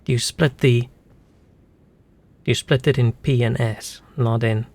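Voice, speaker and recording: Gravelly man streaming games. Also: mid-range voice, fairly even intonation, unhurried, a little mellow. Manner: musing, chatty, wanders off on tangents. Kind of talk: casual gameplay commentary.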